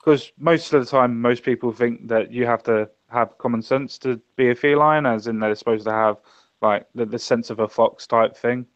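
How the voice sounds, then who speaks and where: A man explaining things in a relaxed way, in casual chat. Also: mid-range voice, moderate pace, no echo, muffled recording.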